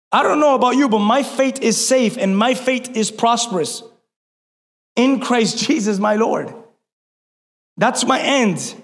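A male pastor preaching a sermon, fervent, building to shouts and then easing down with self-mocking asides. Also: extremely high pitch. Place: church hall. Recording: long reverb of a large hall.

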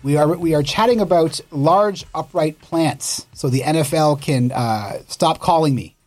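A man's voice: a little high, unhurried, a little mellow, soft background music. A man hosting a gardening radio show in a studio, talking in a playful, joking way. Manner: upbeat, jokey, playful. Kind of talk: casual radio chat.

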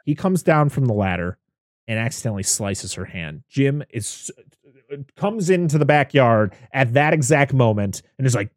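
Animated man recapping a movie. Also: normal speed, no room sound, studio quality. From Western Massachusetts. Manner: animated, swearing, acting out quotes in high voices. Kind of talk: casual movie recap chat.

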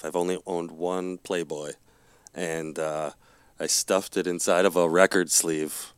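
A man guesting on a podcast, joking along in casual chat with quick reactions. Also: deep voice, level tone, clear, resonant tone.

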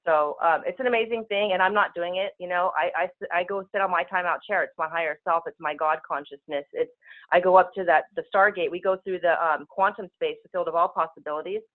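A woman speaking as a spiritual healer guest, talking very fast in casual, rushing speech over a telephone call-in. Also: on the low side. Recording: tinny phone line.

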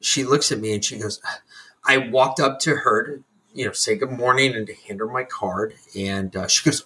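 A man's voice: medium pitch, normal speed, sharp tone. A man in his forties telling a story casually on a podcast, profane and laughing as he goes. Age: 40s. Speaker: podcast co-host.

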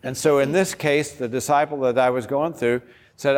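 A man's voice: medium pitch, steady tone, normal speed. A man, a pastor, giving an enthusiastic, informal workshop talk while demonstrating an app step by step. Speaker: pastor presenting a discipleship app. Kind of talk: workshop presentation. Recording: long hall reverb.

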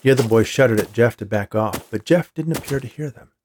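A man reading a story aloud with a steady storytelling delivery. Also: medium pitch, fairly quick, a little hiss or hum. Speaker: story reader. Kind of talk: audiobook narration.

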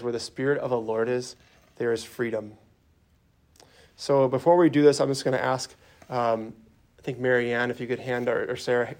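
A man giving an earnest sermon-style talk, leading a group in a guided prayer meditation. He speaks in a plain voice with small restarts and lowers his voice to voice gentle quoted words. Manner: earnest, softens for quoted lines, some restarts.

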